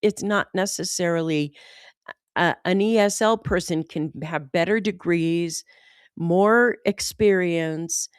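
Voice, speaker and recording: An American woman talking casually as a host, animated and often saying "like". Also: fairly low pitch, takes it slowly, clear, resonant tone, dry recording, clean studio sound. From United States. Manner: animated, says "like" often, mimics accents. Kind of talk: casual conversation.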